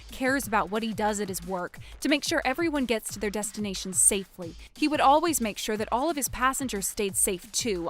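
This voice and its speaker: A woman's voice: a little high, fairly bright tone. A woman narrating a dramatic story and voicing all its characters herself. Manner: dramatic, shifts between characters. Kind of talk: acted story narration with many voices.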